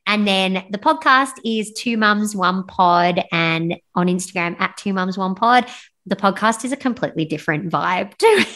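A young woman, a podcast guest telling her birth story in a frank, animated way with blunt swearing. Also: mid-range voice, normal speed. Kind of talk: casual storytelling interview.

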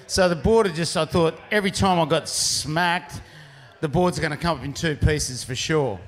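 Man, slightly high voice, rambling storyteller, casual surf yarn. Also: normal speed. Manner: rambling, restarts often, laughs through punchlines. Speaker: pro surfer telling a story.

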